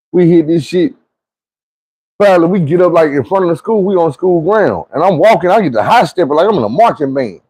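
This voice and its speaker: A man spins a rambling street story, full of slang and cursing. His voice sits fairly high but sounds warm and mellow, never sharp. He acts out his friends' lines as he goes. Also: breathy edge, no room sound. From Arkansas. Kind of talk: casual profane storytelling.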